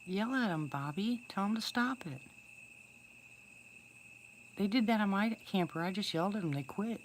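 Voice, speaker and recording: A woman's voice: medium pitch, expressive, normal speed, a little hiss or hum. A woman casually chatting with livestream viewers, greeting them by name and calling out whoops. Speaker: livestream host talking to viewers. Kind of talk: casual live chat outdoors. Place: outdoors in woods at night.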